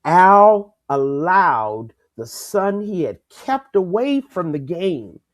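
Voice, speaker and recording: An older woman co-hosting a casual sports talk show, lively and emphatic, laughing easily. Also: lowish voice, takes it slowly, crowd noise. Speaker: co-host.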